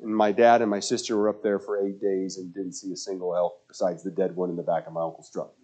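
A man preaching a sermon as pastor, telling stories and acting out the voices of people he quotes, swinging between loud and hushed. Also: sits low, quick pace. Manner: animated storyteller, acts out quoted voices, swings loud to soft.

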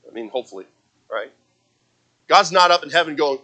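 This man preaches with a fairly high, lively voice, talking fairly quickly but leaving long pauses, and the recording is rough. He quotes scripture and hammers his points home, his volume swelling and dropping.

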